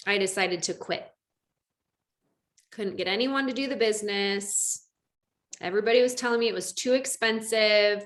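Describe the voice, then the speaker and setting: A woman's voice: medium pitch, fairly bright tone. A woman coach telling a personal story to a group over a video call, acting out quoted lines with lots of animation. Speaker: network marketing coach.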